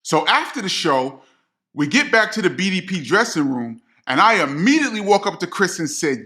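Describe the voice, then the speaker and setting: A middle-aged man, a DJ telling a personal story straight to his viewers in a slangy, animated way. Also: high voice, normal speed. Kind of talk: storytelling to camera.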